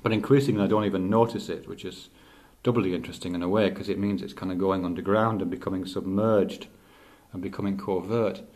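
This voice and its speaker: A middle-aged male teacher thinking aloud in a halting, reflective way, with many restarts. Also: low voice, fairly even intonation, darkish tone. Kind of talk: unscripted spoken reflection.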